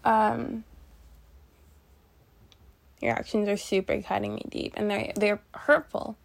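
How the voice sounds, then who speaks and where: A woman's voice: medium pitch, little pitch movement, slow, vocal fry. A young woman hosting a podcast, chatting in a casual, rambling way with lots of fillers and restarts as she tells a personal story. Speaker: podcast host.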